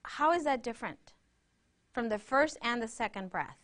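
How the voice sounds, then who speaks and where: A woman's voice: a little high, animated, moderate pace, a bit bright. A woman presenting a workshop, guiding a breathing exercise and teaching in a conversational way, often checking in with her listeners. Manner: interactive, keeps checking in with "right?".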